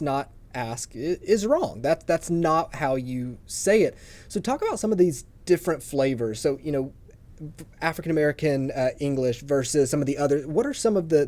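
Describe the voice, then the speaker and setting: Mellow-voiced man hosting an interview. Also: medium pitch. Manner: relaxed, rambling questions with restarts. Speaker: interview host. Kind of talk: conversational interview questions.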